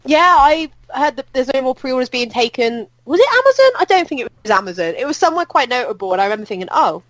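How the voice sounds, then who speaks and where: Une femme à l'britannique, co-animatrice d'un podcast, qui bavarde en passant d'une idée à l'autre. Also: female voice, sits high, sing-song, fast talker, a bit bright, dry recording, low-quality recording. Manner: chatty, jumps between thoughts. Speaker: podcast co-host. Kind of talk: casual chat.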